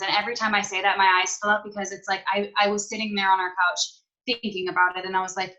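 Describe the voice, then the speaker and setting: A woman's voice: mid-range voice, fairly even intonation, fast talker, sharp tone, low-quality recording. A young woman telling a candid personal story in a casual, emotional way, full of fillers and restarts. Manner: casual and emotional, many fillers and self-corrections. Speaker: guest.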